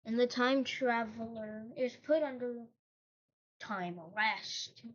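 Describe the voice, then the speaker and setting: On her channel, a woman with a rather high voice slowly recounts a made-up piece of history, rambling and cracking side jokes. The lo-fi recording is dull, with slight background noise.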